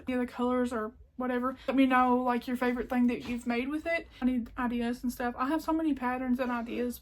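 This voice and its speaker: A woman's voice: high voice, darkish tone. Chatty woman with a Southern country accent. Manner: chatty, rambling, many "like" fillers, drops to a near-whisper at times. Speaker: crafting vlogger. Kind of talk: casual yarn haul show-and-tell. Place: home, indoors.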